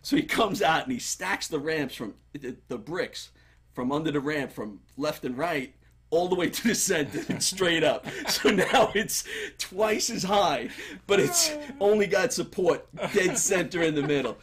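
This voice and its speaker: A man with a husky, slightly raised voice tells casual stories as a guest on a talk show. He is animated and laughs as he talks. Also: a little high, measured pace. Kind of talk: casual storytelling.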